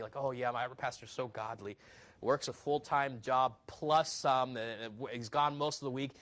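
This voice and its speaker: A man's voice: on the high side, fairly bright tone. A man, a pastor, preaching a sermon in a conversational teaching manner, reading scripture aloud and asking rhetorical questions.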